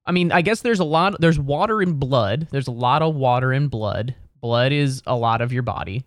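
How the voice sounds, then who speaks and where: A man's voice: mid-range voice, expressive, moderate pace, dry recording, clean studio sound. A young man sitting at home in a chair, musing aloud in a meandering, wry comedic monologue full of restarts and self-corrections. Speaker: solo vlogger.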